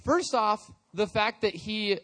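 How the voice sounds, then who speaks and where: High-voiced man telling a Bible story. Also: takes it slowly. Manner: casual, animated retelling with quoted voices. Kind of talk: storytelling sermon.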